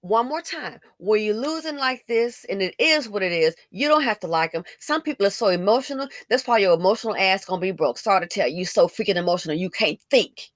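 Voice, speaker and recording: A woman's voice: medium pitch, lively intonation, brisk, hardly any pauses, dry recording, studio quality. A woman giving opinionated commentary, blunt and colloquial, who repeats phrases for emphasis and fires off rhetorical questions.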